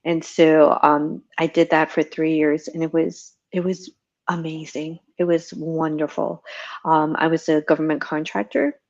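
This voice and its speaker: A middle-aged woman, a retired Navy veteran, telling her story with many ums and restarts in a relaxed interview. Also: sits low, unhurried. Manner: rambling, many ums, laughs at herself. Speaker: guest, retired Navy chief petty officer. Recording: muffled lo-fi audio.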